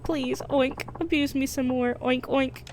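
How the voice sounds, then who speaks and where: A woman's voice: high voice, fairly even intonation, measured pace, darkish tone, pitched above the performer's own voice. A woman voicing a groveling middle-aged male masochist client, reading game dialogue on stream, pleading and squealing like a pig, with faint noise behind.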